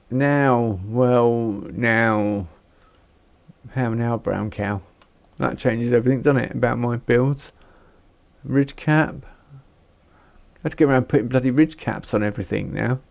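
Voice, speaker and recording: Gravelly man musing over gameplay. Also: mid-range voice, a little slow, muffled recording. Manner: rambling, thinks aloud while building. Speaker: gamer. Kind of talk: casual gameplay commentary.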